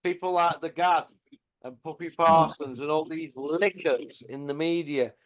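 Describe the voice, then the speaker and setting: A man's voice: fairly high pitch, a little slow. Sarcastic man. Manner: blunt, sarcastic, mocking. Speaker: podcast host. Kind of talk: casual boxing chat.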